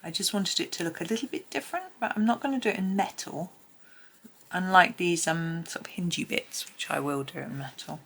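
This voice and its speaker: A woman with a lowish, fairly bright and slightly rough voice talks briskly through a colouring tutorial as she works. She's chatty, thinks aloud, and now and then drops to a murmur.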